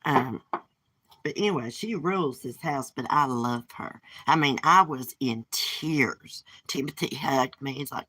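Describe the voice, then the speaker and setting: A woman chats on a live stream from outdoors on her porch. She is gossipy, blunt and swears freely, and her voice is bright and forceful. The sound is dry, with little echo. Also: very deep voice, a little slow, slightly rough. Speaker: livestream host. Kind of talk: casual live-stream chat.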